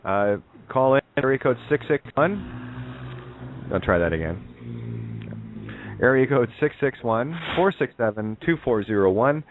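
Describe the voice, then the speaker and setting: A man of middle pitch co-hosts a call-in talk show. He rambles and fills his speech with hesitations. The sound is thin and narrow like a phone call. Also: expressive, measured pace, pauses often, a little hiss or hum. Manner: rambling, full of fillers. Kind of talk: casual talk-show chat. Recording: tinny phone line.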